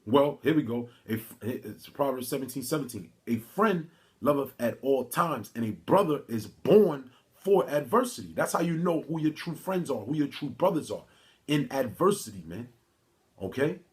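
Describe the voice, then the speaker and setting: A man giving an informal video sermon, reading scripture haltingly and preaching in casual street talk, calling his listeners "man" again and again. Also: medium pitch, animated. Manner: reads scripture aloud haltingly, with restarts. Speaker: religious teacher. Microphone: phone or camera mic.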